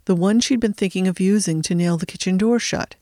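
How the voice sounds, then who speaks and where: A woman narrating a story in an even, measured audiobook style. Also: medium pitch, no room sound. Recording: dry close recording.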